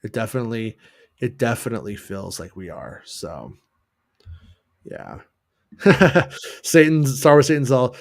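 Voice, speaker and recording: A man's voice: mid-range voice, sing-song, unhurried, gravelly, pauses often, dry recording, clean studio sound. A man hosting a casual fan news show, chatting loosely with many restarts and joking asides. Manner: rambling, restarts, jokey put-on voices. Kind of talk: casual livestream chat.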